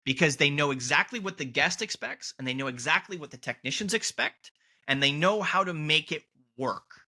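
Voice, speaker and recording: Bright-voiced man hosting a podcast. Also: a little high, animated, moderate pace. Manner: emphatic, repeats key points for stress. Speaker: podcast host. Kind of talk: conversational interview.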